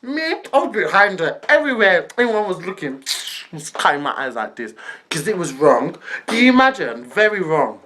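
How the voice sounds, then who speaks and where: A woman vlogger telling a storytime, animated and laughing as she acts out the other people. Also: fairly low pitch, moderate pace, slight background noise. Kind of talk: storytime narration.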